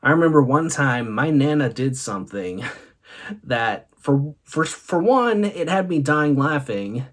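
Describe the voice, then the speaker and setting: A man's voice: a little high, animated, a little slow. A man hosting a vlog, telling comic stories and laughing often between punchlines. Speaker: host. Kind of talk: comic storytelling monologue.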